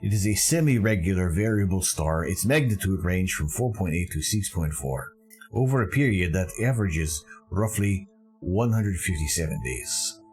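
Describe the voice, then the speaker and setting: A man from Canada with a deep, low voice hosts a live stream in a relaxed, chatty way. He rambles eagerly and restarts his sentences often. Faint music plays quietly in the background. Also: normal speed, husky. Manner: enthusiastic, rambling, self-correcting. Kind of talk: casual live-stream commentary.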